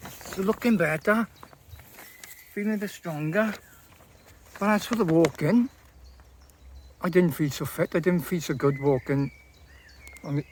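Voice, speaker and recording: A man's voice: on the high side, dark tone. A man vlogging in a casual, rambling way, often repeating and restarting his phrases. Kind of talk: casual talk to camera.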